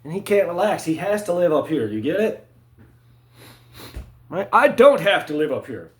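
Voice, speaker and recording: A man in a rambling monologue, full of "right?" and "you know" fillers, swinging between low mutters and sharp emphatic spikes. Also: sing-song, moderate pace.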